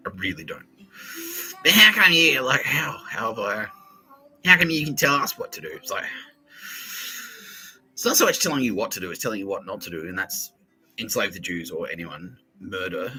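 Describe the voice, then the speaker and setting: A man with an Australian accent hosts a rambling, profane comedy podcast, laughing at his own jokes and slipping into mock voices for bits. His voice is low, bright, and forceful, though the audio quality is poor.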